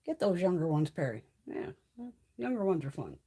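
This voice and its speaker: A woman hosting a casual beauty livestream with a slightly husky voice, swearing freely as she chats. Her pitch rises and falls a lot, and she coaxes her cat in a high sing-song voice. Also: very animated, normal speed, mellow.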